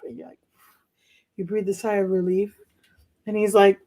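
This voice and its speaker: A young woman performing a stand-up set from home over a video call, rambling, laughing at her own jokes and shouting her punchlines. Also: medium pitch, lively intonation, a little fast, pauses often. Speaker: stand-up comedian. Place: home during quarantine.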